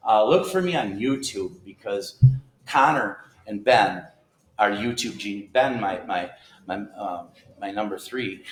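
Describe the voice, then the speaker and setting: A man vlogging in a casual, meandering monologue, folksy and heartfelt, now and then bursting out loud. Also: fairly low pitch, a little slow, roomy sound.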